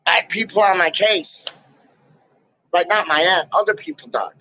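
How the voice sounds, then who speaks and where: A man ranting casually to camera in a vlog, full of slang and loud asides. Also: high voice, normal speed, pauses often, highs cut off, slight background noise. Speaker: YouTuber. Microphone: camera mic.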